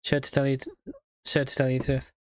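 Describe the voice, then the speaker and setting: A streamer reading game dialogue aloud, reading lines quickly and riffing between them. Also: medium pitch, monotone, no echo, clean studio sound. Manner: reads lines quickly, laughs and riffs.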